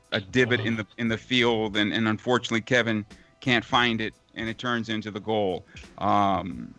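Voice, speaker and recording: A man's voice: on the low side, fairly bright tone. A man, a veteran radio play-by-play broadcaster, answering interview questions in a reflective, rambling way with many fillers. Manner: reflective, speaks in long run-on lists with fillers. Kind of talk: casual interview over a call.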